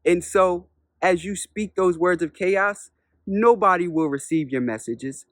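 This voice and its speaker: A man voicing a mischievous male trickster spirit who gives a measured, instructive lesson in a spoken parable. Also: high voice, a bit bright, dry recording, clean studio sound. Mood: stern, teaching.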